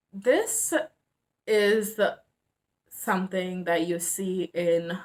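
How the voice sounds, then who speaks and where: A young adult woman talking to camera about hard personal topics, earnest and hesitant, with many fillers and restarts. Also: medium pitch. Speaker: mental health vlogger. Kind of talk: casual emotional talk to camera.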